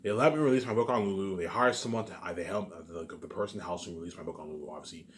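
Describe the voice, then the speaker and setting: A deep-voiced man from Canada races through a solo vlog to camera. His monologue is rambling and repetitive, profane and emphatic, and he keeps saying "obviously" as he stresses his points.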